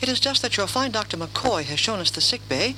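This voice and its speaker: A man's voice: high-pitched, lively intonation, a little fast, background noise. A man voicing a small, overly polite male alien ambassador who speaks formally and apologizes often. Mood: fussy polite.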